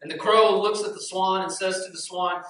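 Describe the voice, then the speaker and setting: A man preaching in an earnest, animated storytelling way, his voice sitting high. He is recorded from a distance in a very echoey sanctuary, with a faint noise under the sound. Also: moderate pace. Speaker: pastor. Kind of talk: sermon.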